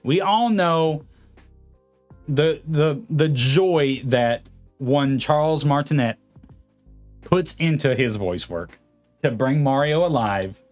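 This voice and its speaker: A man's voice: on the high side, takes it slowly, pauses often, a little mellow, soft background music. A man in his late twenties chatting casually on a livestream, rambling and reading viewer comments aloud. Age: late 20s. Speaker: streamer host.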